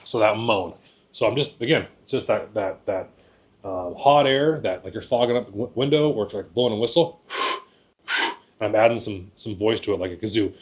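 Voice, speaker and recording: A man's voice: lowish voice, brisk. A man teaching hunters how to call geese, talking in a folksy way, often repeating words and checking in with "right?". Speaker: goose calling instructor. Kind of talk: casual instructional talk.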